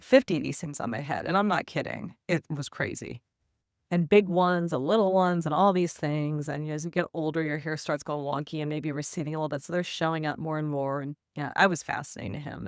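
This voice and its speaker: A woman in her fifties telling a personal story in casual talk, animated, acting out what others said. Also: sits low, no room sound, studio quality. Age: 50s. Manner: animated, quotes others in lively asides.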